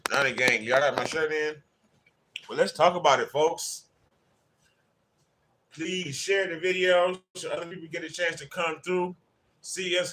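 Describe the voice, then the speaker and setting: Bright, slightly high male host, chatty and friendly with live chat viewers. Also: slight background noise. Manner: chatty, greets viewers by name. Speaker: livestream host. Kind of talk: casual livestream chat.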